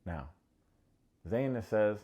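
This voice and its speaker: Low-voiced sarcastic man recapping. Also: lively intonation, slow pace, dark tone, lo-fi sound. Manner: sarcastic, acts out quotes in high mocking voices. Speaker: recap show host. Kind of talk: comedic TV recap commentary.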